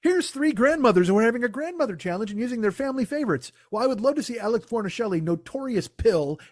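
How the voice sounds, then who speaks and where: A man's voice: very high-pitched, expressive, fast talker, a little mellow, dry recording, studio quality. A man in his forties, a comedian hosting his own podcast, telling stories in a profane, exasperated rant. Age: 40s.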